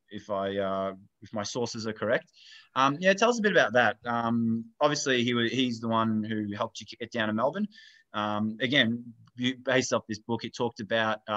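A man's voice: mid-range voice, a bit bright, highs cut off. A man hosting a podcast interview, asking long questions with many hesitations and fillers. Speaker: podcast host.

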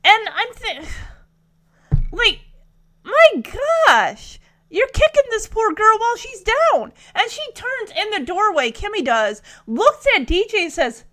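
A young woman talks through a TV episode she has just watched, in an emotional, chatty way. Her voice sits high and swings widely up and down as she reacts. She fills her sentences with casual fillers. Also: big pitch swings, measured pace, sharp tone. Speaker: TV episode reviewer. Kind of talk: casual recap commentary.

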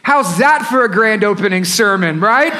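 Guy preaching in church, really high voice, gets loud and pumped, jokes around with the crowd. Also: normal speed. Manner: energetic, emphatic preaching with shouted peaks and playful asides. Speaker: pastor. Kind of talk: sermon. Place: church sanctuary.

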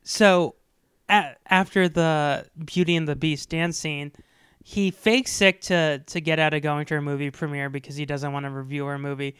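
A man co-hosting a casual podcast chat who keeps breaking into loud, exaggerated impressions of lines he quotes. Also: fairly high pitch, steady tone, moderate pace, clear, resonant tone, no echo, studio quality. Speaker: podcast co-host.

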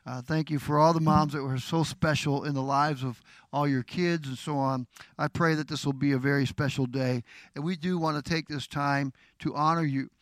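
A middle-aged man preaching as a pastor, speaking warmly and earnestly to mothers. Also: a little high, fairly even intonation, moderate pace, dry recording. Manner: tender, heartfelt tribute to his wife. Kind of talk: sermon.

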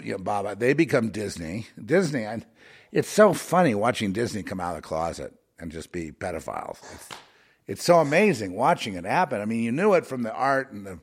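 This man's voice sits on the lower side with a breathy edge as he rambles on in a monologue. His speech stalls and repeats, fading to mutters and then building into heated bursts.

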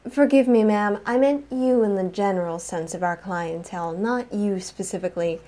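A woman voicing a young male bellboy, polite and impish, with a warm sing-song manner. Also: mid-range voice, normal speed, close to an everyday voice. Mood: deferential. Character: tall thin young bellboy, impish but gentle.

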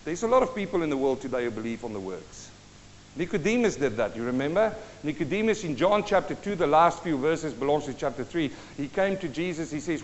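A man with a high voice preaches a fervent sermon, speaking straight to his congregation. His words ring out with a long church reverb, captured on a muffled, lo-fi recording. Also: expressive, fairly quick. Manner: fervent, direct address to congregation. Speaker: pastor. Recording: dull echoey church recording.

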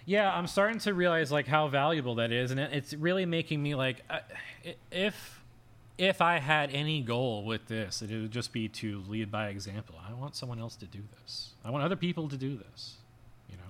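A man's voice: mid-range voice, lively intonation, moderate pace, a bit bright. A man co-hosting a podcast, mostly giving short supportive replies and now and then a longer thought. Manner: brief supportive backchannels. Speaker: podcast co-host. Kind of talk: casual podcast chat.

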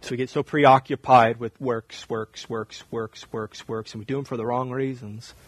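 A man in his thirties preaching a sermon, swinging from hushed, intimate talk to raised, emphatic repetition. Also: medium pitch, steady tone, moderate pace, dry recording, low-quality recording. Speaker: pastor.

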